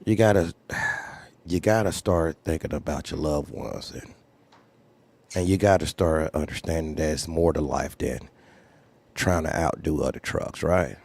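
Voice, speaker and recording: A man's voice: rumbling low, unhurried, creaky, darkish tone. A man who hosts a trucking channel, talking unscripted with earnest, preachy advice and repeated phrases. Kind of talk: unscripted livestream talk.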